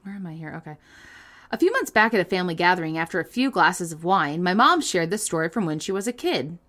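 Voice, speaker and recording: A woman's voice: lowish voice, lively intonation, fast talker, fairly bright tone. A woman co-hosting a casual podcast, reading listener stories aloud with playful comic asides and frequent laughter.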